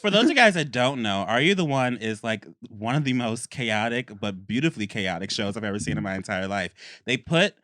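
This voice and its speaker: A man's voice: mid-range voice, animated, a little fast, hardly any pauses, pushed and bright, no echo, clean studio sound. A man co-hosting a podcast, explaining a show to listeners in casual chat. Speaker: podcast co-host.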